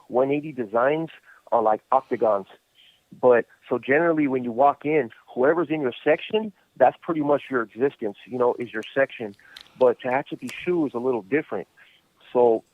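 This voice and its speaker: Male host, mid-pitched, casual rambling storyteller, phone-line sound. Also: dry recording. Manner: relaxed, rambling, full of "you know". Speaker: podcast host.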